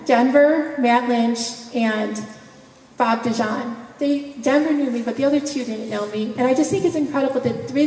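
Speaking in a high-pitched, mellow voice, a woman tells her personal story at an event, emotional and conversational, with frequent laughter between phrases. The echoey hall recording places her far off, with faint noise.

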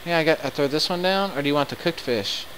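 A man commenting live on his game, excitable and quick to swear in frustrated outbursts. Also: fairly high pitch, slight background noise, poor audio. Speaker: let's play gamer.

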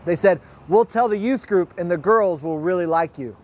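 A man's voice: high-pitched, moderate pace. A young adult man, preaching a sermon and telling a personal story with acted-out quotes. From Fort Worth, Texas. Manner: lively storyteller, acts out quotes. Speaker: pastor. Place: online church service.

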